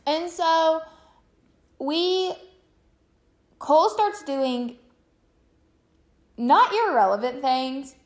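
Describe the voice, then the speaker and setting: A woman with a somewhat high voice talks to the camera in a loose, chatty way. She tells her story in a rambling flow, full of fillers and restarts. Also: expressive, very slow, pauses often. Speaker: vlogger.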